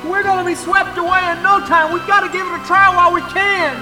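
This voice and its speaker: A brave rescuer in a family audio drama, urgent and encouraging. His voice sits very high, and loud music fills the background. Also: steady tone, quick pace, reverberant. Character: brave adult man leading a flood rescue. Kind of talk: radio drama.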